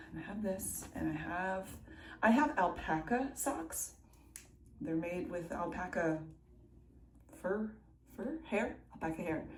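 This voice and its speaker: A woman's voice: on the low side, a little mellow, slight background noise. A woman in her thirties chatting casually to camera in a rambling vlog, correcting herself as she goes. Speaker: vlogger. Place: home indoors, then outdoors at a race.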